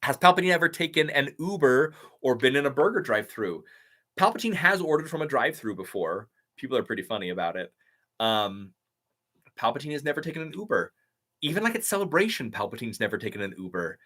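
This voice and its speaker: Young man, live-stream chat, bright voice, upbeat, thanks viewers by name. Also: medium pitch, very animated, fast talker. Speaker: YouTube impressionist answering live chat.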